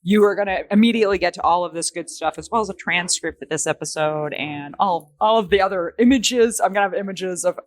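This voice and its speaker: A woman's voice: lowish voice, fast talker, hardly any pauses, dry recording. A woman hosting an interview podcast, upbeat and chatty as she reels off web links in casual conversation. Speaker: podcast host.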